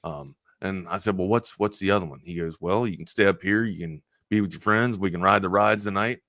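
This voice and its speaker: A man hosting a sports talk show, telling a long personal story in a rambling, animated way full of restarts. He is from Maryland. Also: deep voice, fairly quick, dry recording, studio quality. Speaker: sports talk radio host.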